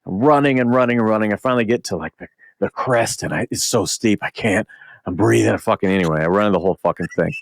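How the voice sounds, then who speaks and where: A middle-aged podcast host spins a long convention story in casual chat, animated and swearing frequently. His lowish voice moves fast with vocal fry, recorded cleanly in a studio with no echo.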